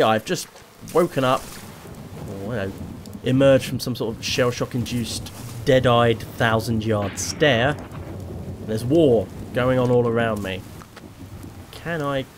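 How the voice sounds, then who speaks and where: A man's voice: medium pitch, a little hiss or hum. A man giving chatty, rambling, self-deprecating commentary while playing a video game. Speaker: let's play host. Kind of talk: casual gameplay commentary.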